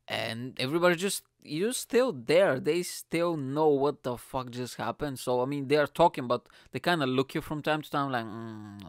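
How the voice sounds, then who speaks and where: Young man, comedian, casual storytelling, animated, acts out quotes, smooth voice, dry sound. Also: mid-range voice, dry recording. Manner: animated, acts out quotes, swears freely, laughs often.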